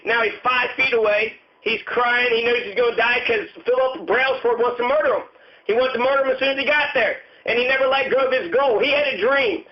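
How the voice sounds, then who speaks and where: A man's voice: extremely high pitch, dull audio. A man giving an angry, profane rant in a furious, cursing, repetitive manner. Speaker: commentator.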